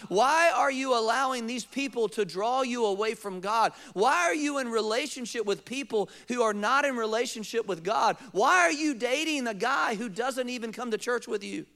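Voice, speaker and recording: A male pastor preaching a sermon, acting out quotes and asking rhetorical questions, sometimes dropping to a soft, close appeal. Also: extremely high pitch, normal speed, hardly any pauses.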